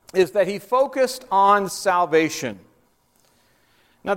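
Animated high-voiced man preaching in a hall. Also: clean tone. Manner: animated, acts out quotes with rising pitch. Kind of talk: sermon on soul-winning.

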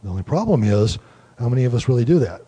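Man, Bible study teacher, very dark tone, husky, relaxed lecturing with fillers. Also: medium pitch, fast. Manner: relaxed, thinking aloud, many fillers.

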